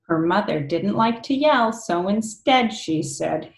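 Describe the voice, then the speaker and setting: Slow, expressive woman reading to children. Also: medium pitch, gravelly. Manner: slow and expressive, pausing to ask listening children questions. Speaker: read-aloud storyteller for children. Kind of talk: children's picture book read-aloud. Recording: echoey room.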